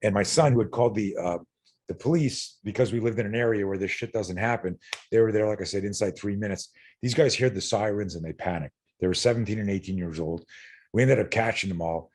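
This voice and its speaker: A middle-aged man with a somewhat low voice speaks as a guest on a podcast. He is a self-defense instructor who tells his story bluntly and earnestly. He swears without a second thought and repeats words as his feelings build. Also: brisk, darkish tone. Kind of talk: candid interview storytelling.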